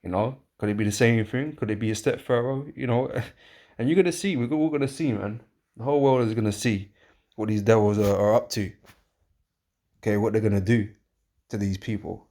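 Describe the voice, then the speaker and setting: A man's voice: fairly low pitch, a little fast, dark tone. A man preaching informally, rambling and emphatic, with many fillers and tag questions. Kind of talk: informal preaching with scripture reading.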